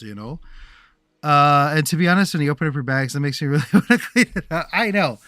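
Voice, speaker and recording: A man's voice: fairly high pitch, lively intonation, brisk, pushed and bright, clean tone, no room sound. A man livestreaming a game and chatting to his viewers in a rambling, casual way, restarting his sentences often. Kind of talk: casual gameplay commentary.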